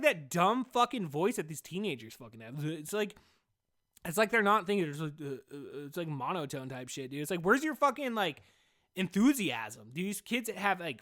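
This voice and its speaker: Guy rambling on his solo podcast, swears nonstop, says dude every other line, kinda high voice. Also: pushed and bright. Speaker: podcast host. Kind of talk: casual solo podcast monologue.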